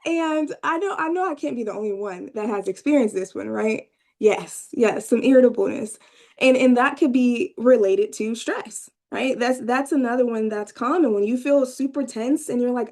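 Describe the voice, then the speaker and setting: A woman with a fairly high, darkish voice, a therapist trainee, leads a live workshop at normal speed, speaking to both the room and a video call. She's conversational, asks the audience questions, and tags points with "right?" often. When acting out clients' inner voices, her pitch rises.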